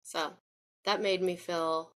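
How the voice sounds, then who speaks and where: A woman with a slightly low voice speaks to her camera about her own life. She drifts and circles back, restarting sentences and leaning on fillers. Her tone stays earnest and confiding. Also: level tone, slow. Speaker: vlogger. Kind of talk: personal spoken reflection.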